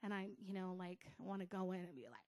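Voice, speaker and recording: A middle-aged American woman pastor giving a casual, conversational sermon with soft asides. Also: on the low side, lively intonation, quick pace.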